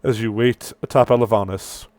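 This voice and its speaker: A man narrating a tabletop game as game master, playful and animated. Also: lowish voice, moderate pace, no echo, clean studio sound.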